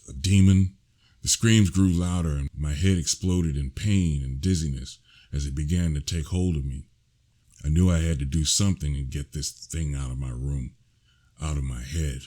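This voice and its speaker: A man narrating his own first-person horror story, slow and hushed, with sudden shouted lines. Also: very deep voice, steady tone.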